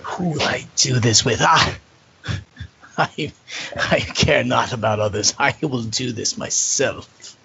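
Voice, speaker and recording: A man's voice: mid-range voice, takes it slowly, creaky, lo-fi sound, background noise. A man voicing a haughty, brooding villain knight bent on corrupting society, with theatrical whispered asides, in improvised tabletop role-play. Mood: sinister.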